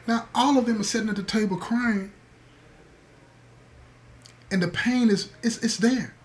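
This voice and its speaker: A high-pitched man keeps a measured pace as he tells his listeners a story. Emphatic throughout, he repeats key words and calls them "y'all."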